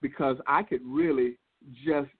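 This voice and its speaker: Earnest, laid-back male guest with a husky tone, heard over a thin phone line. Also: mid-range voice, steady tone, unhurried. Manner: laid-back, earnest, circles back on his words. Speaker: guest speaker. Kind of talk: business call interview.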